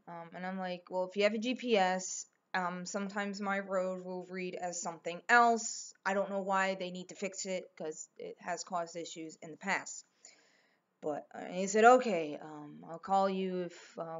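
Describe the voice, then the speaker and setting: A young woman telling a story casually as a vlogger, rambling and emphatic, swearing often and acting out what people said. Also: mid-range voice. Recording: slightly dull lo-fi recording.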